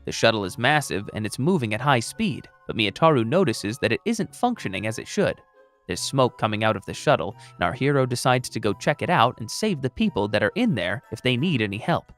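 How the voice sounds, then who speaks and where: Lively, wry male recap narrator. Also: medium pitch, brisk, faint music behind. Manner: wry, joking asides.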